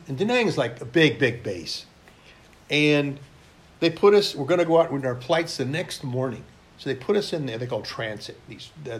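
Older man telling war stories. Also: on the high side. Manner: rambling and blunt, with frequent restarts. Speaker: military veteran interviewee. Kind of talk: oral history storytelling.

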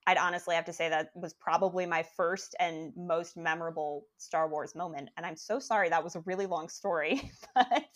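Chatty young woman, lowish voice. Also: normal speed, hardly any pauses. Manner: rambling, animated, many likes and restarts. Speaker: podcast guest. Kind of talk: casual storytelling.

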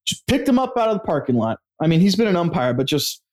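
A man co-hosting a casual sports podcast, an animated storyteller who acts out quotes and swears freely. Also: high-pitched, fast. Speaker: podcast co-host.

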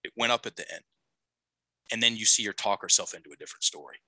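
A man's voice: on the low side, expressive, fast talker, bright, forceful tone, no echo, low-quality recording. A middle-aged man, a life coach, telling a long story on a podcast, restarting sentences and checking in with "okay?". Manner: rambling, self-correcting, frequent "okay?" check-ins.

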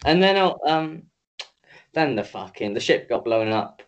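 A man's voice: mid-range voice, sing-song, unhurried, highs cut off. A tired young man from the UK co-hosting a casual podcast, joking and rambling with swears. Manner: jokey, rambling, swears, mock announcer bits. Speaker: podcast co-host. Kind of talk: casual chat.

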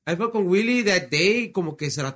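A man tells a story animatedly, his high voice swinging widely as he acts out the quoted lines. He switches between English and Spanish. His tone is slightly husky. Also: expressive, fast, a bit bright. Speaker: band member. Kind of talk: casual storytelling chat.

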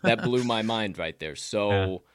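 A man's voice: on the low side, a little slow, smooth, no echo, studio quality. A man with a Southern accent co-hosting a casual sports betting podcast, loose and profane, with hyped sign-offs. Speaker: podcast co-host.

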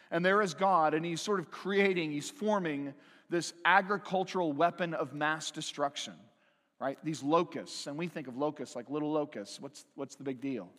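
A man with a high voice preaches a sermon to a congregation, speaking conversationally and tagging his points with a quick "right?". He slows right down on the words he wants to land. His voice carries a long echo through a church sanctuary. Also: fairly bright tone. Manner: slows and stresses key phrases. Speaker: pastor.

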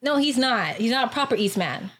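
A young woman telling a story in casual chat, animated and laughing, acting out the voices of the people in it. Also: a little high, fairly quick, slight background noise.

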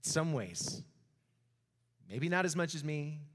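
A man preaching a sermon as pastor, animated, acting out the voices of the story. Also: a little high, unhurried. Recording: reverberant hall.

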